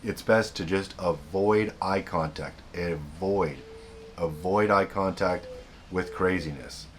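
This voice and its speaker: A man's voice: low-pitched, slow pace, a little hiss or hum. A man hosting a self-help video, giving blunt, repetitive, emphatic advice in a casual monologue.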